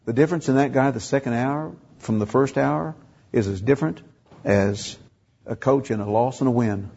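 Gravelly older man preaching. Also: dark tone, muffled recording. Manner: storytelling, acting out dialogue with rising pitch. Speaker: pastor. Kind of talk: sermon.

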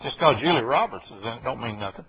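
A man's voice: medium pitch, animated, fast, a crowd in the background. A man preaching a folksy sermon, full of rambling asides and checks with his listeners. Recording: dull lo-fi recording.

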